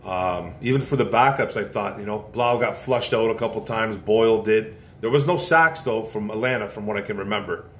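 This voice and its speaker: A man's voice: fairly low pitch, a little fast, hardly any pauses. A man hosting a casual football commentary show, blunt and opinionated, often repeating his points. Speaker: sports podcast host. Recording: roomy echo with faint noise.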